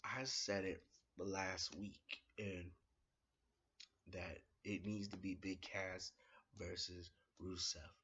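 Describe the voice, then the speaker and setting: A man giving a casual spoken review of a wrestling show, retelling it in an excitable, slangy way with plenty of fillers. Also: deep voice, slow pace, slightly rough, lo-fi sound.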